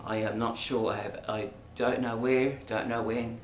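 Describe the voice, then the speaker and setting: An Australian man vlogs to camera in a casual, rambling monologue, hesitant and full of ums and asides. His voice is medium-pitched with little pitch movement, and he talks a little slowly. The recording has a roomy echo and faint background noise.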